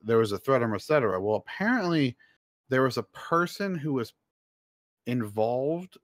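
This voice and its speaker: A man's voice: medium pitch, lively intonation, normal speed, no echo. A man co-hosting a casual podcast chat, telling a story eagerly and rambling a little. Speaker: podcast co-host.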